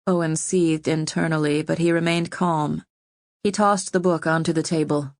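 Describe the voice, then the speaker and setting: A woman narrating an audiobook in a steady storytelling manner. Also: low voice, moderate pace, no echo, studio quality. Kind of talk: scripted narration.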